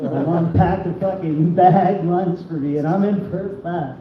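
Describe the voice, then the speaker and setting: A man's voice: high voice, steady tone, a little slow, recorded from a distance, a little hiss or hum. A man performing a crude stand-up comedy set, laughing at his own jokes. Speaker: stand-up comic. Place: small comedy venue. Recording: echoey dull room recording.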